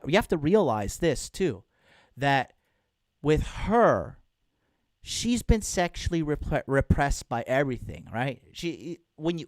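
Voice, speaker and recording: A man's voice: on the high side, dry recording, studio quality. A man hosting a casual livestream as a dating coach, talking bluntly and crudely to viewers and reading out chat.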